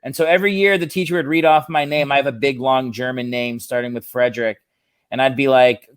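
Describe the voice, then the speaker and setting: A brash comedian man riffing crude jokes in a loose podcast chat, his voice sitting a little high for a man. The sound is dry, with little room echo. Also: normal speed, a bit bright. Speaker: comedian guest. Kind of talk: casual podcast banter.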